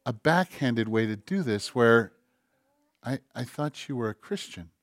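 A man preaching a conversational sermon, swinging between loud emphasis and hushed, quiet quoting. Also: medium pitch, animated, a little slow, dry recording, studio quality. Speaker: pastor.

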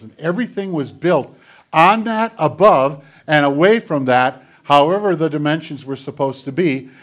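A man preaching a sermon to a congregation, retelling scenes dramatically and dropping into quiet, hushed passages. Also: on the high side. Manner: dramatic retellings, drops to near whispers. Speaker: pastor. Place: church filmed on camera.

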